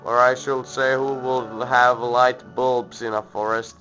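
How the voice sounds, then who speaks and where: A man commentates on a video game in a slow, sarcastic way, sometimes slipping into a mock-posh British voice. The recording is dull and lo-fi, with faint game music behind him. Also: mid-range voice, level tone, bright, forceful tone. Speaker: let's play gamer.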